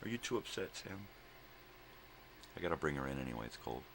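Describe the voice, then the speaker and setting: A man's voice: extremely low pitch, sing-song, brisk, vocal fry, background noise. An older man in a casual morning vlog at home, talking fondly to his dogs in baby talk and tossing in simple Spanish words. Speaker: vlogger.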